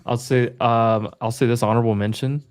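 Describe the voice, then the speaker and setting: A young man talking in a relaxed way as co-host, often restarting and repeating his words. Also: mid-range voice, fairly quick, clear, resonant tone, soft background music. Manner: relaxed, stumbles over words, repeats himself. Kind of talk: casual chat.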